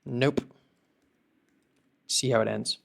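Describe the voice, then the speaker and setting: A man's voice: mid-range voice, fairly even intonation, slow, gravelly. Man thinking aloud during a tech tutorial. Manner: thinking aloud while debugging, upbeat. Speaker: tech video creator building voice agents. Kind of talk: casual screen-recorded tutorial.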